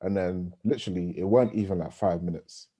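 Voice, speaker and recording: Man, podcast co-host, very deep and dark, a bit husky, laid-back slangy banter. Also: fairly even intonation, fairly quick. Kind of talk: casual chat.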